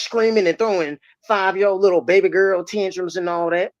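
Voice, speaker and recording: A podcast host, ranting about football in loud, mocking trash talk. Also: mid-range voice, steady tone, brisk, no room sound. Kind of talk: heated sports podcast talk. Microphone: remote streaming mic. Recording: dry, slightly muffled audio.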